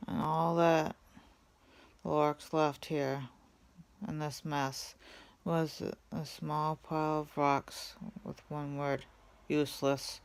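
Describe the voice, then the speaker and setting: A woman reading a storybook aloud in first person, softly and ruefully. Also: deep voice, flat delivery, slow pace, clean tone. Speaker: reader. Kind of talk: storybook read-aloud narration.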